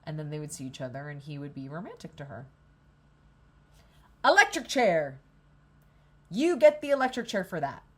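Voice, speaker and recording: A woman's voice: low-pitched, darkish tone. A young woman rambling in a candid, profane vlog at a coffee shop, hungover. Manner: rambling, profane, self-deprecating. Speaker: vlogger.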